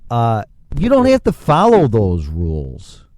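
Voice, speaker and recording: A man's voice: medium pitch, wildly swooping pitch, a little slow, a little mellow, no room sound. A man hosting a solo podcast, ranting sarcastically and swearing freely into a microphone. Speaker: podcast host. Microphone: studio microphone.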